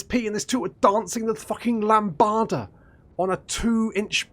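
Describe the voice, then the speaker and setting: A man's voice: high voice, fairly even intonation, moderate pace, fairly bright tone. A man doing casual gameplay commentary as a YouTuber, ranting, swearing and mocking himself. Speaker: gaming YouTuber. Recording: faint game music behind.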